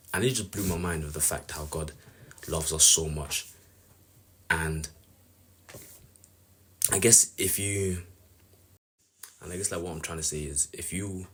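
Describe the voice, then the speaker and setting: A man with an extremely deep, husky voice shares a casual devotional reflection. He talks earnestly in a flat, level tone and rambles as he works through his thoughts aloud. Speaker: Bible reflection speaker.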